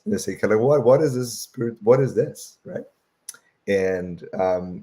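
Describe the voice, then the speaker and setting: A man giving a lecture with slides, tagging "right?" onto almost every phrase, with a voice that is going and frequent throat-clearing. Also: lowish voice, mellow. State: losing his voice, clears throat often.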